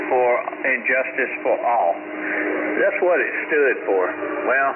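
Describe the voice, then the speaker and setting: A man calling in on an amateur radio net, speaking in an emphatic, preachy way with big swings in pitch. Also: animated, takes it slowly. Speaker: caller on a ham radio net. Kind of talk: opinionated radio chat. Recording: tinny two-way radio audio with clear noise.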